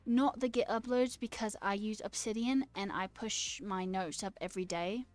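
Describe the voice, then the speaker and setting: A woman's voice: medium pitch, normal speed. A woman streaming casually, reading her chat aloud and chatting back, laughing often. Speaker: livestreamer and new software engineer.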